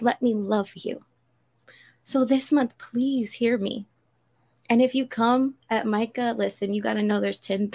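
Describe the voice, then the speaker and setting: A woman's voice: fairly high pitch, creaky, warm tone. A woman on a podcast making an earnest, preacherly appeal to listeners and quoting scripture. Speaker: podcast regular. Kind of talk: heartfelt spiritual appeal.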